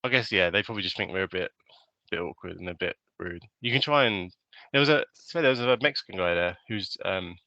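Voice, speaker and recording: This muffled recording, with no room sound, features a young British co-host whose voice is low and brisk. Speaking British English, he spins animated stories in casual conversation and imitates the people in them.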